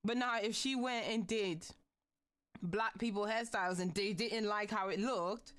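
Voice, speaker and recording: A woman's voice: medium pitch, a little slow, fairly bright tone. A young adult woman VTuber streamer chatting casually with her viewers, ranting animatedly and swearing often. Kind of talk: casual livestream chat.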